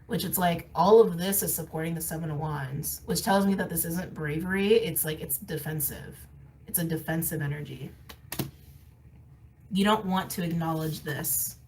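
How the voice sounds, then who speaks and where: A woman's voice: deep voice, normal speed, a little mellow, far from the mic, a little hiss or hum, low-quality recording. A woman giving a casual tarot card reading, candid and emphatic, often laughing and repeating phrases for emphasis. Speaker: tarot reader. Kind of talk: casual intuitive reading to camera.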